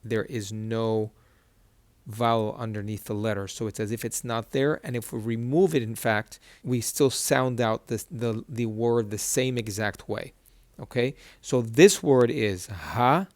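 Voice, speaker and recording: A man teaching a reading lesson at a board, patiently repeating each syllable slowly. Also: on the low side, steady tone, no echo. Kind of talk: whiteboard lesson.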